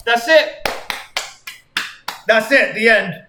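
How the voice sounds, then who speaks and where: A male streamer reading fan fiction aloud on a live stream in an animated, sweary way, his voice hoarse from hours of reading. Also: very high voice, takes it slowly, pauses often. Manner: animated, sweary, exaggerated delivery.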